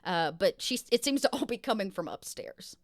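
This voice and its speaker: A woman narrating a tabletop game as game master, chatty and quick to laugh. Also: medium pitch, expressive, no room sound, clean studio sound.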